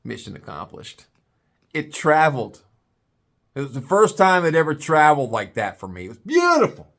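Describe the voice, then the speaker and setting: A man telling a comic story in a drawn-out, playful way. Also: on the high side. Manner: animated, drawn-out comic buildup.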